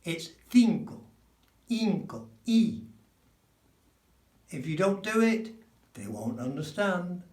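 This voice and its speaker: A middle-aged man from England teaching Spanish pronunciation, slow and emphatic, repeating sounds to demonstrate them. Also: high voice, very animated. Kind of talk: spoken language lesson. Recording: echoey room.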